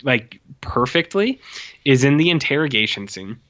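A man talks through a film in loose, casual chat, full of fillers and quick impressions of the characters. His voice is bright and forward. The recording is slightly dull and lo-fi. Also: medium pitch. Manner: rambling, many fillers, animated quoting of characters.

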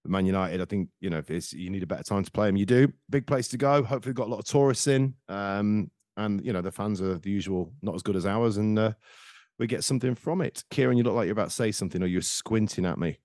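A man's voice: fairly low pitch, fast talker, a little mellow, dry recording, studio quality. A man hosting a casual football podcast, telling rambling, jokey anecdotes. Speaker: podcast host.

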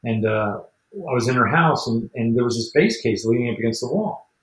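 A man telling casual stories as an interview guest, rambling and animated, acting out what people said. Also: medium pitch, brisk, reverberant, poor audio. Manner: rambling, animated storyteller who acts out the quotes. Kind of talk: casual storytelling.

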